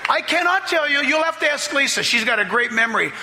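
High-voiced, gravelly preacher in a big church. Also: male voice, quick pace, in a large hall, a faint crowd. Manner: storytelling preacher, rising to loud excited climaxes. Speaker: pastor. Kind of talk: sermon. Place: church sanctuary.

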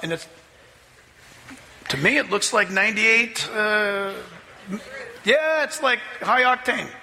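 A man preaching a sermon as pastor, telling a story with lively energy. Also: sits high, creaky, big-room sound, a little hiss or hum. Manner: animated, rising to near-shouts in the story. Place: church sanctuary.

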